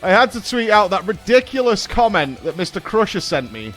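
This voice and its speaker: A man's voice: high-pitched, very animated, a little fast, a bit bright, faint music behind. A man streaming casually, ranting and swearing with sardonic humor and laughing at himself.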